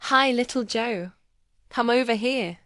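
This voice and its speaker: A woman's voice: a little high, unhurried, fairly bright tone, no echo, clean studio sound. A woman voicing a curious, thoughtful male muskrat who talks earnestly and with puzzlement in a storybook reading. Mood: calling.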